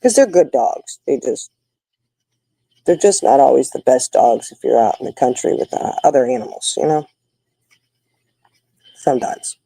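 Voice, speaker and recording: A woman's voice: rumbling low, lively intonation, normal speed, creaky, long pauses, mellow, husky, no room sound, poor audio. An older woman, hosting a casual chat with viewers and telling folksy stories. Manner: folksy, chatty storytelling. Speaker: livestream host.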